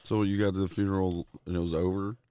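A man's voice: deep voice, flat delivery, fast talker, warm tone, clean tone, no echo. A man co-hosting a podcast, chiming in with crude jokes during casual chat. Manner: crude, joking banter.

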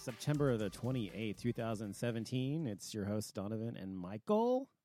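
A man's voice: fairly low pitch, sing-song, moderate pace, warm tone, no echo, faint music behind. A man co-hosting a podcast, chatting casually and laughing at himself. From Dallas, Texas. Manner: laughing, self-deprecating, loose. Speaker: podcast co-host. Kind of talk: casual chat.

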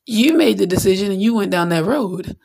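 A woman's voice: medium pitch, expressive, a little fast, vocal fry, a little mellow, slight background noise. A woman hosting her own podcast in a candid, rambling monologue, often acting out little voices. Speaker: podcast host. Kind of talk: casual spiritual monologue.

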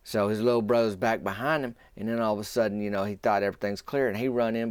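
A man's voice: fairly low pitch, fast, hardly any pauses, no room sound. A man hosting a podcast, telling a rambling, folksy story in a casual way. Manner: folksy, rambling, drops into a whisper at times. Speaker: podcast host.

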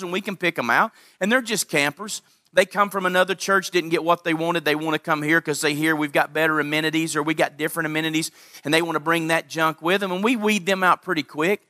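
A man's voice: sits high, sharp tone, no echo, studio quality. A man preaching a sermon as pastor, talking straight to his congregation and punching his key lines. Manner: direct, speaks to the congregation.

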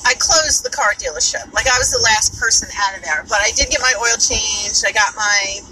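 A chatty woman with a New York accent talks from the driver's seat, and her voice sits a little higher than most. She rambles through her day with plenty of swearing and offhand asides. The steady rumble of the car and the road runs under everything she says. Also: a little fast, poor audio. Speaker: podcaster. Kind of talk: casual chat while driving. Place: inside a moving car. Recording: car road noise behind. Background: car and road noise.

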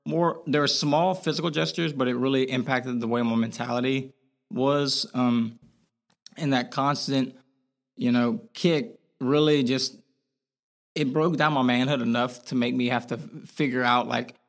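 A young adult male podcast guest speaks candidly and loosely in a conversational interview, his everyday talk casual, frank and packed with "like" fillers. His mid-range voice is gravelly, with a steady tone and a measured pace.

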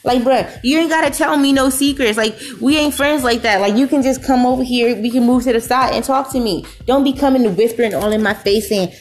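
A woman's voice: high-pitched, normal speed, hardly any pauses. A woman hosting a podcast, delivering an emphatic, exasperated, profane comedic rant full of repeated rhetorical questions. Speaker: podcast host.

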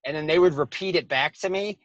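A man's voice: fairly high pitch, fast, fairly bright tone, no room sound. A man, chatting casually as a comedian guest and rambling with lots of "like" and swearing. His voice sounds dull and lo-fi in a dry, dead space. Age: 20s. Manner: thick accent, swears a lot, rambling with many "like"s. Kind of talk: casual podcast chat.

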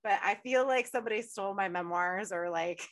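A woman's voice: mid-range voice, a little fast. A woman from Upstate New York hosting a casual podcast, telling stories with lots of cursing and frequent laughter. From Utica, New York. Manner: profane, laughs often, animated storytelling. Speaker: podcast host.

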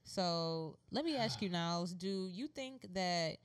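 An American woman co-hosting a relaxed talk show, chatty and teasing, laughing easily between points. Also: fairly low pitch, takes it slowly, smooth. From United States. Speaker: podcast co-host. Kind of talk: casual chat.

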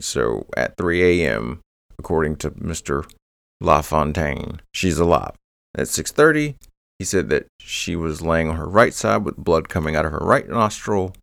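Man, true crime host, rambling, joking asides, very low voice, dry close sound. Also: gravelly, fairly bright tone, no echo. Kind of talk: casual true crime narration.

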